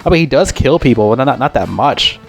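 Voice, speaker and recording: A man's voice: medium pitch, animated, fast talker, gravelly, faint music behind. Profane, rambling male movie reviewer. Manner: profane, rambling, exasperated complaining. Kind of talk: casual ranting movie review.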